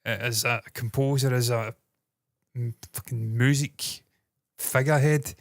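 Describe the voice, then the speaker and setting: A man's voice: mid-range voice, fairly even intonation, unhurried, dry recording, clean studio sound. A man in his thirties co-hosting a casual podcast, rambling, laughing and swearing freely. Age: 30s. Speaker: co-host. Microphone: loose desk mic.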